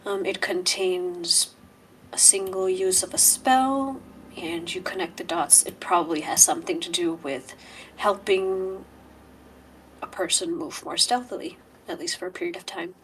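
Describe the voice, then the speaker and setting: A woman narrating a tabletop game as game master, calm and descriptive, sometimes dropping into a whisper. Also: fairly low pitch, unhurried, far from the mic, a little hiss or hum, low-quality recording.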